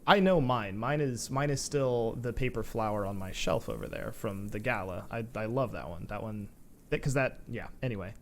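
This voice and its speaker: A man's voice: on the low side, moderate pace, fairly bright tone, slight background noise. Supportive male interview host. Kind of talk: casual conversation.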